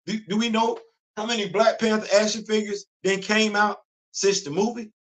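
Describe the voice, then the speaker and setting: A man's voice: sits high, steady tone, moderate pace, a bit bright. A man, hosting a casual livestream and talking in an emphatic, repetitive way, often laughing. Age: 50s. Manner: emphatic, preachy, repeats phrases, laughs often. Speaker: livestream host. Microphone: computer mic on a streaming setup.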